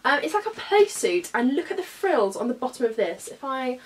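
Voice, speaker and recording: Young British woman, vlogger, a touch high-pitched; chatty, gushing haul delivery full of fillers. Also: very animated, moderate pace. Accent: British English. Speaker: beauty vlogger. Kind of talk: casual try-on haul chat.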